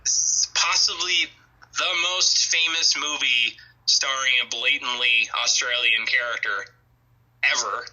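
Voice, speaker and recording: A man's voice: mid-range voice, fairly even intonation, bright, forceful tone, poor audio. A man hosting a podcast, running a playful movie quiz in casual chat. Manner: playful, drawn-out game-show delivery.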